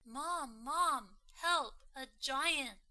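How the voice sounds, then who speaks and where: Casting: eager young boy for a storybook read-along, bright and a little high, read by a woman. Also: slow pace, dry recording. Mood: panicked.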